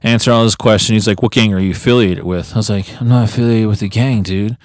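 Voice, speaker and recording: A man's voice: quick pace, no room sound, clean studio sound. A man co-hosting a podcast, telling a long story in casual chat and acting out the voices he quotes. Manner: animated, acts out quotes with big pitch jumps. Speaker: podcast co-host.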